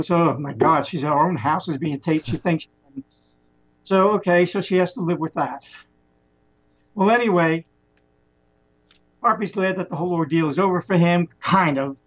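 A man casually retelling a story plot in a rambling, animated way, often restarting his sentences. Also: a little high, moderate pace. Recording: muffled lo-fi recording.

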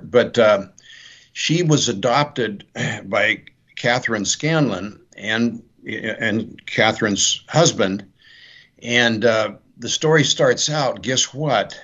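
Man, author, interview, animated retelling, dull recording. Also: mid-range voice. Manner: rambling storyteller, acts out the characters' lines. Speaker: author guest. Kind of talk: interview, retelling his novel's plot. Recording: dull lo-fi sound.

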